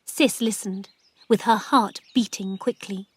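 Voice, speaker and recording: A woman narrating a story slowly and clearly for English learners. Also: medium pitch. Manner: slow, clear, even. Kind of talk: slow reading for English learners.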